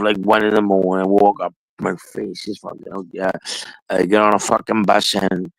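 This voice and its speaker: A man's voice: fairly low pitch, gravelly, dry recording, low-quality recording. A man telling a rambling, profane story in casual chat.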